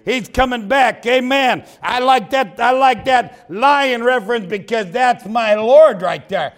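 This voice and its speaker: A man in his seventies from Ohio, preaching a revival sermon in a folksy way, dropping into quiet asides and saying amen often. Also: measured pace. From Ohio, USA. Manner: folksy, drops to low asides, frequent amens.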